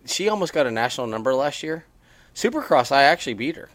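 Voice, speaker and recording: A man's voice: medium pitch, sing-song, fast talker, fairly bright tone, no room sound. A man co-hosts a laid-back podcast, talking in a chatty, rambling way and restarting his sentences often. His voice is recorded close and dry, with no room sound around it. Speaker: podcast co-host. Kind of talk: casual podcast chat. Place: on a porch.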